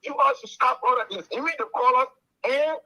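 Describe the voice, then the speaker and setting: A man's voice: very high-pitched, brisk, bright, forceful tone, low-quality recording. A man calling in to a radio talk show, speaking in an earnest, lecturing way and often repeating words. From Liberia. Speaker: caller. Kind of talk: call-in radio commentary.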